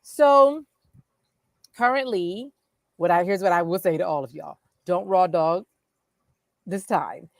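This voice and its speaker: A woman from Los Angeles co-hosting a podcast, telling a story in a frank, animated and profane way, laughing often. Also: lowish voice, slow pace, vocal fry, long pauses, dry recording. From Los Angeles, USA. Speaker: podcast co-host. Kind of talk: casual chat.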